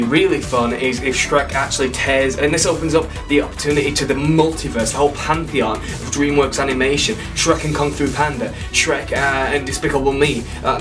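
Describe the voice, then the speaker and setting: A man's voice: mid-range voice, recorded from a distance. Rambling man telling a comic story. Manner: rambling, self-correcting, playful asides. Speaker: storyteller pitching a sequel. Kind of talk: casual comedic retelling.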